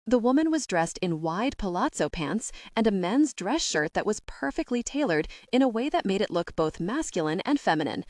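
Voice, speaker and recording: A woman's voice: mid-range voice, very animated, normal speed, hardly any pauses, no room sound. A woman narrating an audiobook with a wry storytelling manner, close to the mic. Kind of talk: scripted narration.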